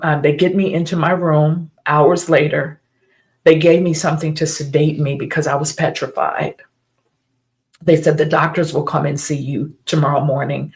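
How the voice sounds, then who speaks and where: A middle-aged woman hosting a live stream, telling a personal story in an earnest, emphatic way and repeating key phrases. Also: low voice.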